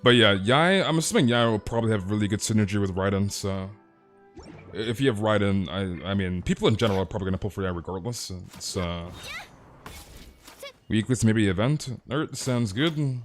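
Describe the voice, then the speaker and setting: A man's voice: lowish voice, lively intonation, moderate pace, faint music behind. A man streaming a game live, chatting casually with playful, teasing banter and calling viewers dude.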